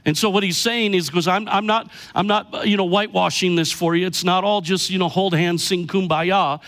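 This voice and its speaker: Pastor, middle-aged man, high-pitched, emphatic sermon delivery. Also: steady tone, fairly bright tone. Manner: emphatic preaching, slows down for key lines.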